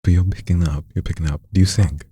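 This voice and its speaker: A man coaching a friend in voice acting, demonstrating lines with lively swoops of pitch. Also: racing, breathy edge, dry recording. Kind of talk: casual coaching session.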